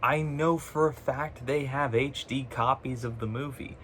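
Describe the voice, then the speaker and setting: A man of ordinary pitch rants casually and sarcastically to his viewers, cursing freely and breaking into laughs. He sounds like he is filming himself on a phone, with a faint hum of room noise behind him. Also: fairly even intonation, unhurried, fairly bright tone. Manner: ranting, sarcastic, swears freely; laughs often mid-sentence. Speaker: vlogger. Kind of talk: casual chat.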